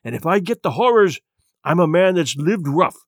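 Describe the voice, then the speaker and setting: A man reading an audiobook, voicing a drunken, feeble old sea captain who pleads in rough sailor's dialect. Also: a little high, sing-song, moderate pace, no room sound, clean studio sound. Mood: pleading. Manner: rough seafaring dialect, wheedling.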